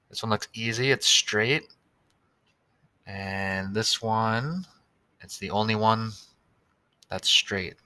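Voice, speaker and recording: A man's voice: lowish voice, bright, forceful tone, no room sound. A man teaching a recorded tutorial for young students, patiently sounding out words and spelling them letter by letter.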